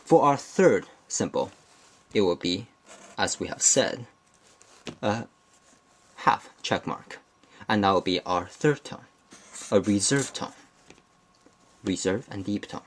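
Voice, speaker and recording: A man teaching a beginner language lesson, explaining step by step in a deliberate, methodical way and often restating or correcting himself mid-phrase. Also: lowish voice, lively intonation. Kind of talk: slow explanatory lesson narration.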